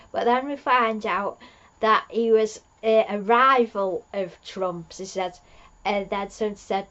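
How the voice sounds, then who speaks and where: Slow-talking chatty woman. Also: medium pitch, fairly bright tone, highs cut off. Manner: rambling, chatty, laughs at own jokes. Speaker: fan reviewer. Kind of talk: casual episode recap.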